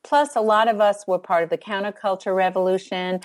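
An older woman speaking as a guest expert in a conversational interview, thoughtful and measured, pausing with fillers as she explains. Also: medium pitch, steady tone.

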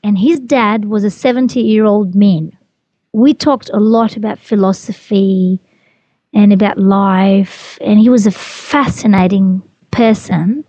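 A woman's voice: medium pitch, fairly even intonation, slow pace, mellow, no echo. A woman telling her personal story as an interview guest, earnest and repeating herself as she goes. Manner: earnest, repeats phrases, restarts.

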